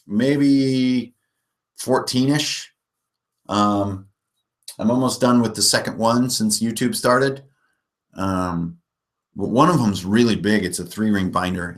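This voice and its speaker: A man's voice: fairly low pitch, a bit bright. Rambling, jokey man in his forties. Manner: rambling, jokey, often laughing at himself. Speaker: live stream host. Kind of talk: casual live chat about tabletop gaming.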